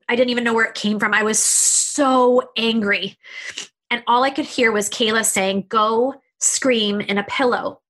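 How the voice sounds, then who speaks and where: A woman's voice: on the high side, a bit bright. A middle-aged woman giving an earnest motivational talk on leadership, emphatic and repeating words for effect. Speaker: leadership speaker. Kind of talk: motivational monologue.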